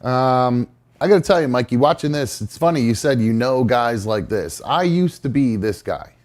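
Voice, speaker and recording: A man's voice: mid-range voice, lively intonation, moderate pace, darkish tone. A man hosting a live show, talking casually with many fillers and restarts. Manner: chatty, hedging, with fillers and restarts. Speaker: podcast host.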